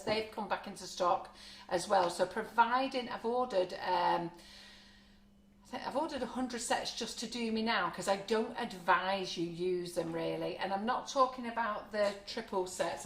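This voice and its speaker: A woman's voice: mid-range voice, reverberant, a little hiss or hum. A woman hosting a live cake decorating demo, chatty and frank, laughing often. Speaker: baking show host. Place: home kitchen studio.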